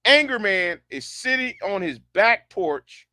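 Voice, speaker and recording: A man's voice: high-pitched, sing-song, slow, bright, forceful tone, dry recording, studio quality. A man delivering a sarcastic, incredulous rant as an online commentator, often repeating himself. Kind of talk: ranting commentary.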